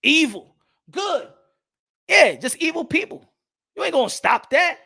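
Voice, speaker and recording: Caribbean-born guy with a high voice going off on a blunt rant, repeats himself a lot, cusses, drops spanish words. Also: big pitch swings, a little slow, gravelly, bright, forceful tone. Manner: blunt, repetitive, heated, swearing; drops Spanish phrases into English. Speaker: boxing channel host. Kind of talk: opinionated rant to camera.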